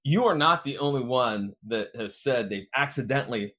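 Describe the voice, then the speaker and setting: A man hosting a podcast, asking his guest questions in a relaxed, easygoing way. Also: mid-range voice, normal speed. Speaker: podcast host. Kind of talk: casual interview questions.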